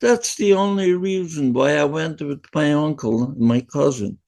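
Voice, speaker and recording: A man in his nineties from Poland, a podcast guest giving a first-person survivor's testimony in a halting, emotional way with many restarts. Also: fairly high pitch, creaky, a little mellow. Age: 90s.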